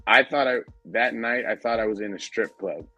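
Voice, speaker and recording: A man's voice: lowish voice, normal speed, pushed and bright, husky, no room sound, soft background music. A man telling a rambling, profane story in casual podcast chat, acting out the lines of his friends. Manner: profane, rambling anecdote with quoted dialogue. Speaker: podcast host.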